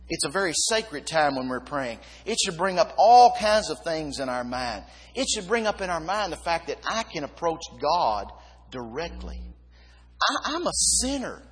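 A man preaching a sermon, emphatic, dropping low and quiet then rising again. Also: slightly rough. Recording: long reverb of a hall.

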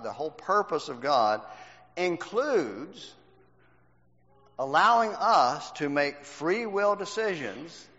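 A man's voice: on the high side, a bit bright. A man teaching a Bible class, quizzing his students and stressing each point. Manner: quizzes the class with questions, emphatic. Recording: dull lo-fi recording in a reverberant hall.

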